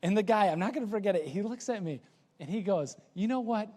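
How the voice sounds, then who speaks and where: High-voiced chatty male pastor. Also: fast, husky. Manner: chatty, restarts words, lively asides. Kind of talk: casual conversational sermon. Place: church sanctuary. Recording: church hall with long reverb.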